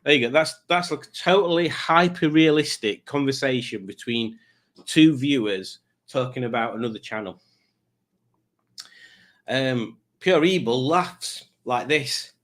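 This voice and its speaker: A man's voice: mid-range voice, a little slow, a bit bright. A man hosting a live stream, chatting casually as he reads out viewer comments, rambling along with wry asides and plenty of fillers.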